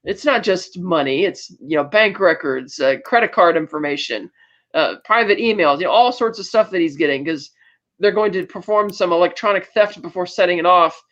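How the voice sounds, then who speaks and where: A podcast host briefly mimicking a smug villain lecturing his captive, in a drawn-out, condescending tone. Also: mid-range voice, a bit bright, lightly acted. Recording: dull lo-fi audio.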